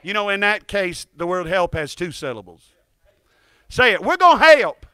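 A man with a high, bright voice tells a joking, folksy testimony to a church congregation. He is a guitarist and draws the crowd into call-and-response. His voice is caught close and dry on a stand microphone. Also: moderate pace, smooth, no echo. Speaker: guest guitarist at a church service. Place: church sanctuary, in front of a congregation.

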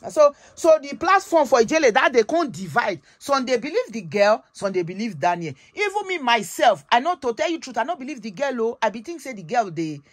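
Animated Nigerian woman telling gossip. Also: on the high side, fairly quick, few pauses. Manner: animated, dramatic retelling with exclamations. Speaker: gossip channel host. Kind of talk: casual storytelling gist in Pidgin.

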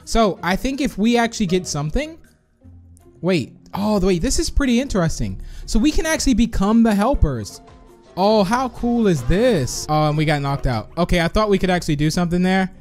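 A young man hosting a gaming video, chatting and reacting quickly with frequent laughs. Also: high-pitched, animated, soft background music. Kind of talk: excited gameplay commentary.

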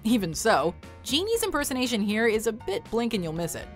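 A woman's voice: a little high, fairly quick, faint music behind. A woman narrating a countdown video in an upbeat scripted style. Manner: upbeat, lively list presenting.

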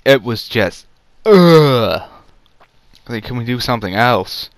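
A man's voice: mid-range voice, lively intonation, slow, dry recording. A man giving a casual, rambling movie review, sarcastic and full of fillers.

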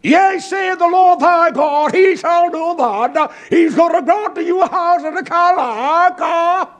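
A preacher voicing a mocking false prophet who proclaims loudly in a drawn-out way. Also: male voice, very high voice, muffled recording, pitched above the performer's own voice. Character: mocking high-pitched false prophet, man.

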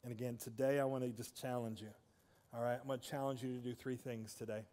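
A man's voice: mid-range voice, flat delivery, quick pace, warm tone, in a large hall. A man preaching a sermon in a church, conversational, with asides to the congregation. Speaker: pastor. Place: church sanctuary.

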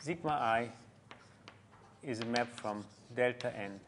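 A man giving a university mathematics lecture, halting often with fillers and restarts as he works through a proof. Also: mid-range voice, background noise. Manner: halting, many fillers and restarts while writing.

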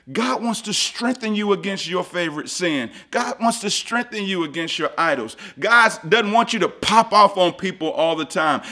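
Delivering a sermon, this high-pitched male pastor shifts from quiet passages to loud, forceful bursts, using repetition for emphasis.

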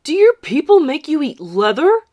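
A woman voicing a mean, sly schoolboy bully in a storybook reading, yelling and sneering. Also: high-pitched, big pitch swings, normal speed, highs cut off, voice pushed up.

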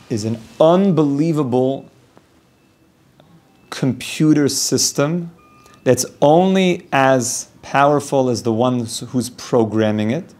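A man's voice: mid-range voice, darkish tone. A man who is a rabbi teaching an informal Torah class. He explains ideas through long worked examples and often restarts his sentences.

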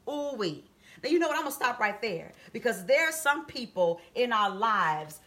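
A woman preaching a sermon, reading scripture and explaining it, then rising to high, emphatic calls to her listeners. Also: bright, forceful tone. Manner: reads scripture and explains it conversationally. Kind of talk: sermon on a live video stream.

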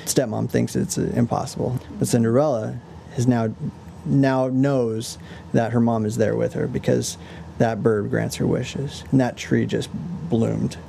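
A man's voice: mid-range voice, level tone, a little slow, vocal fry, dark tone, slight background noise. A man co-hosting a podcast, retelling an old tale in a loose, slangy, casual way. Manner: loose and slangy, many fillers and restarts. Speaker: podcast co-host. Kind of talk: casual storytelling chat.

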